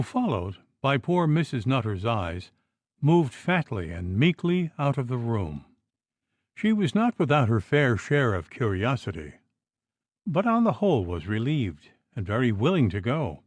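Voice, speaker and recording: A man narrating an audiobook in expressive, unhurried storytelling. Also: medium pitch, dry recording. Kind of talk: scripted narration.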